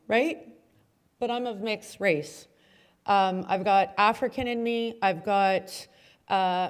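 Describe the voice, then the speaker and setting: A middle-aged woman mayor giving a heartfelt, chatty award-ceremony speech with many fillers. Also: mid-range voice.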